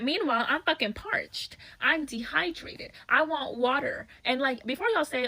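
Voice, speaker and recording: A woman's voice: on the high side, expressive, normal speed, pushed and bright, low-quality recording. A woman telling a story to her viewers in a blunt, profane, slangy and dramatic way. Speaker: storytime vlogger.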